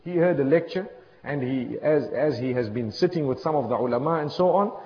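A man's voice: mid-range voice, fairly quick. A man preaching a storytelling sermon, impassioned and repetitive, sprinkling in religious phrases. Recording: echoey hall, dull lo-fi sound.

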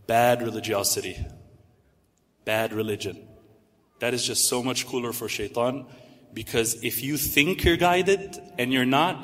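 A man's voice: mid-range voice, fairly bright tone. Male preacher, mid-range voice, rhetorical lecture delivery with Arabic terms, long hall reverb. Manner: rhetorical, slows down for emphasis, sprinkles Arabic terms. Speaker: Muslim preacher. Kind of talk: religious lecture.

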